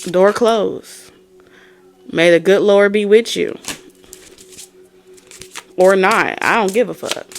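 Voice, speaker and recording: Woman, tarot reader, profane, blunt, scolding, medium pitch. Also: slow, gravelly, pauses often, a little hiss or hum. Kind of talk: profane tarot reading rant.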